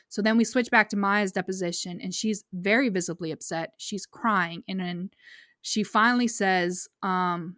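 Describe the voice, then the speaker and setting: A woman's voice: mid-range voice, steady tone, moderate pace, pushed and bright, no room sound. Podcast woman recapping earnestly, dry sound. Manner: earnest storytelling, reads quotes aloud. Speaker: podcast co-host.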